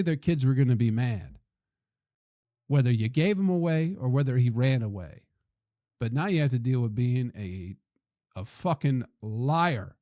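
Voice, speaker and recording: A man's voice: mid-range voice, mellow, no echo, clean studio sound. A young man hosting a podcast, telling a rambling, profane, exasperated comic story. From Flint, Michigan. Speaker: podcast host, comedian.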